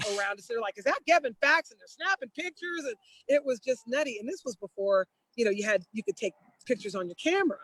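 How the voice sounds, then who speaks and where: A woman guest telling a story in a casual, lively way, laughing often and slipping into the voices of the people she quotes. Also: fairly high pitch, fast talker, husky, poor audio.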